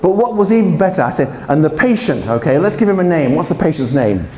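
Male conference speaker, fairly high and very expressive, playful with the audience, echoey hall recording. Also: fast talker. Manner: animated, playful, acts out voices and quizzes the audience. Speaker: conference speaker, English teacher trainer. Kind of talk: lively conference talk with audience interaction.

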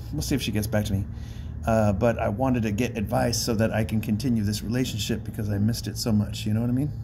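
Chatty man vlogging outdoors. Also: medium pitch. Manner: chatty, self-mocking, laughs often. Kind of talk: rambling casual monologue. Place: outdoors by a bridge.

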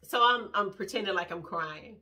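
A middle-aged woman vlogger telling a family story to camera in a casual, rambling, animated way. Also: mid-range voice, moderate pace. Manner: animated, rambling, acts out quoted voices.

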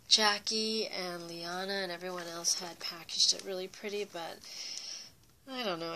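A woman's voice: mid-range voice, bright, forceful tone, slight background noise, low-quality recording. A young woman casually chatting to her viewers as she unboxes handmade craft gifts, full of fillers and gushing over the details. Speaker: craft YouTuber.

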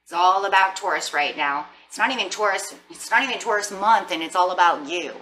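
A bright, sharp-toned woman gives a casual tarot reading, chatty and sassy. Her voice sits a little low for a woman. She sounds slightly away from the mic, with faint hiss behind her. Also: fairly quick, distant mic. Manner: playful, sassy, chatty with laughs. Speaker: tarot reader.

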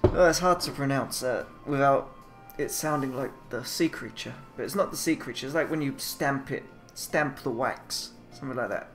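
A young man narrates a game playthrough, translating its Japanese text as he goes. He thinks aloud, trails off and doubts his own guesses, at a middling pitch, with game music playing softly behind him. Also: moderate pace, few pauses. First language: English. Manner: muses aloud, trailing off and second-guessing himself. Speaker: let's player.

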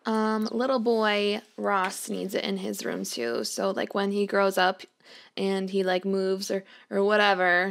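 A woman's voice: medium pitch, unhurried, creaky. A young woman chatting through a life-sim game as host, fondly talking to the characters on screen. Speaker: let's play host. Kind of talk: gameplay commentary.

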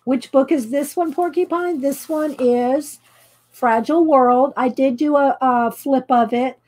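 A woman's voice: high voice, a little slow, darkish tone. A middle-aged woman from Texas with a light Texan accent, chatting casually and rambling while she colors on a live stream. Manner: chatty, rambling, laughs often. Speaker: artist vlogger.

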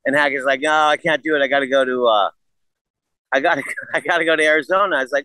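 A man in his sixties spins a profanity-laced story in a casual, animated way, acting out the back-and-forth between people. His voice sits a little high and has a bright, forceful edge. The sound is close and dry. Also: fast talker, no room sound, rough recording. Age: 60s. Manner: profane, animated retelling of a story with quoted dialogue. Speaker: podcast guest.

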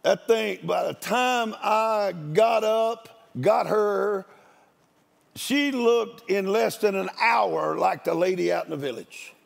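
A man's voice: sits high, slow, gravelly. An older man, a guest preacher, giving a storytelling sermon in a folksy, joking country manner.

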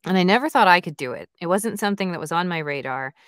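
A woman's voice: on the low side, expressive, fast talker, fairly bright tone, clean tone, no room sound, studio quality. A woman audiobook narrator and author chatting in an interview, enthusiastic and full of fillers. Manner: chatty and enthusiastic, many "like" and "you know" fillers. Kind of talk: casual interview chat.

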